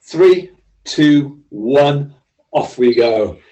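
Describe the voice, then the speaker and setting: A man's voice: mid-range voice, lively intonation, drawn-out words, warm tone, muffled recording. A man instructing a seated exercise class, giving friendly, encouraging, step-by-step cues. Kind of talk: leading a seated workout class.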